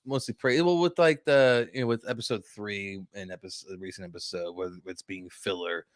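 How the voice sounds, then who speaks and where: A man's voice: lowish voice, a little fast, no echo. A man co-hosting a casual film podcast, laid-back, laughing often and talking with lots of fillers. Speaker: podcast co-host. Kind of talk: casual chat.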